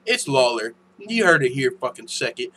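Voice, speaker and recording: A young man hosting a casual MMA news channel, ranting in a profane, animated way that turns heated and loud. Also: medium pitch, slight background noise, poor audio. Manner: profane, animated, quick to get heated and shout.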